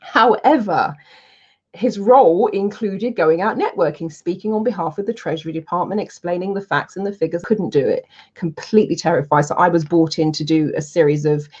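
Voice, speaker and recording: A woman, a public speaking coach, telling anecdotes in a casual, animated way and acting out her own lines. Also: fairly low pitch, a little fast, husky. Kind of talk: casual storytelling to camera. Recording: dull lo-fi sound.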